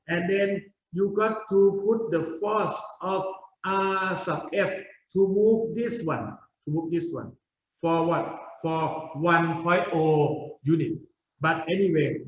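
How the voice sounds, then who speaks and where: A man's voice: fairly high pitch, slight background noise. A male university lecturer giving a lecture, explaining step by step and often checking in with "okay?". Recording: roomy, dull lecture recording.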